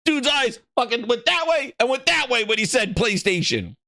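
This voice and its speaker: A man with a high, lively voice hosts a gaming podcast, rambling and swearing as he laughs at his own jokes. The sound is dry and close, with no room around it. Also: moderate pace, creaky, no echo. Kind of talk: excited casual chat.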